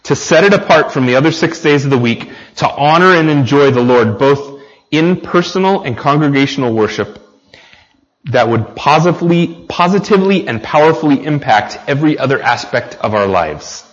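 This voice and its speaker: A man's voice: a little high, animated, moderate pace, long reverb tail. Earnest American man preaching a sermon. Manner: earnest, speaks directly to the congregation with questions. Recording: slightly dull lo-fi recording.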